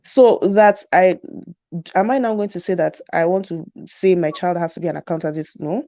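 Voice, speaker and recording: A woman's voice: lowish voice, normal speed, warm tone, no echo. A middle-aged woman guest in a casual conversation, speaking earnestly and emphatically and laughing easily. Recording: dull dry recording.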